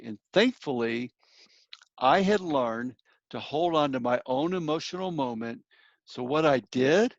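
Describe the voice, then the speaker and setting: Male workshop speaker, earnest storyteller, mid-pitched, dry muffled recording. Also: no room sound. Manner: earnest, storytelling, addresses listeners directly. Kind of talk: church workshop talk.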